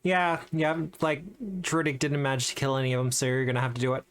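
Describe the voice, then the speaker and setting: A game master running a tabletop session, relaxed and joking while making rulings. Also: mid-range voice, fast.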